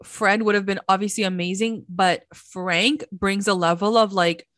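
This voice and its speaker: A woman co-hosting a casual recap podcast, speaking at a middle pitch. She is enthusiastic, leans on "like," and acts out lines from the show. Her voice sounds dry and close. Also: steady tone, moderate pace, fairly bright tone, dry recording. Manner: enthusiastic, many "like" fillers, acts out quotes. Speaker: podcast co-host.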